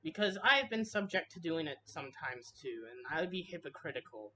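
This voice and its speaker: A woman's voice: low voice, big pitch swings, brisk, bright, forceful tone. Woman, harsh ranting commentary, swears a lot, stumbles and restarts, faint background noise. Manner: harsh, heated, swears freely, frequent restarts. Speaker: commentary video creator.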